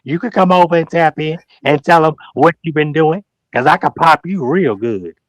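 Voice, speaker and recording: A man's voice: fairly high pitch, moderate pace, no echo. A man talking as a guest on a livestream, calling people out in an emphatic, preachy way, repeating his points and acting out what others said. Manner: slangy, animated storytelling with mock quotes. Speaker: guest on a livestream talk show. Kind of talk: heated livestream call-out talk.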